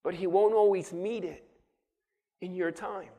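A man with a very high voice preaches a rousing sermon from the pulpit. He stirs up his congregation and keeps asking them to answer him back. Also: steady tone, a little slow, warm tone. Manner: rousing, calls on the congregation to respond. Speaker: pastor.

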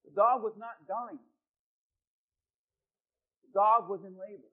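High-voiced man preaching a sermon. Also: steady tone, slow pace, pauses often, dull audio. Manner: builds from quiet prayer to loud preaching. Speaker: pastor. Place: church in front of a congregation.

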